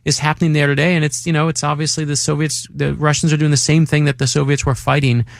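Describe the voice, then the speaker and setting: A male author being interviewed in a radio studio, an excited storyteller who acts out quotes. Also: on the high side, fast talker, creaky, no echo. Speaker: author guest. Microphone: studio microphone.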